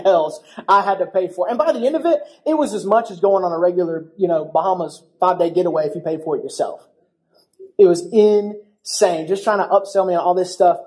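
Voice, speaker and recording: A young man preaching a church sermon, telling a story in a lively, casual way and acting out the voices of people in it. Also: high voice. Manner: animated storytelling with acted-out voices. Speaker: pastor.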